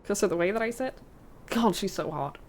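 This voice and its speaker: A woman's voice: medium pitch, animated. A woman streamer chatting casually while playing a video game, rambling with many "like" fillers. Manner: chatty, rambling, full of "like" fillers, quick laughs.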